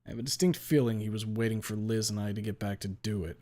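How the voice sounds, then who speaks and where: A man reading a first-person story aloud with a blunt, deadpan delivery and casual swearing. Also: lowish voice, quick pace. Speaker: story reader.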